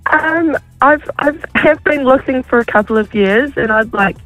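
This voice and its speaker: A woman's voice: sits high, expressive, normal speed, fairly bright tone, no echo, faint music behind, rough recording. A woman, calling in to radio, laid-back and a bit hesitant. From New Zealand. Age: 30s. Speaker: caller. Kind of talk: phone call on radio.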